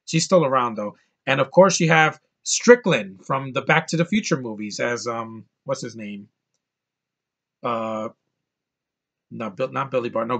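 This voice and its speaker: A man's voice: mid-range voice, a bit bright. A man giving a casual, rambling spoken film review, enthusiastic and full of restarts. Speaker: movie reviewer.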